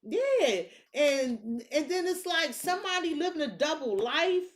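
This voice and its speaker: A woman with a high voice gives a casual tarot reading at an unhurried pace. Blunt, sassy, animated and full of swearing, she talks straight to the viewer and to her cards.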